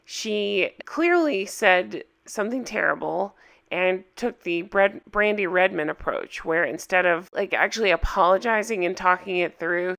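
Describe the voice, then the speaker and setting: A woman recapping a reality show in a casual, opinionated way, hoarse from a cold and asking viewers for their thoughts. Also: fairly low pitch, pushed and bright. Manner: chatty, opinionated, asks viewers for comments.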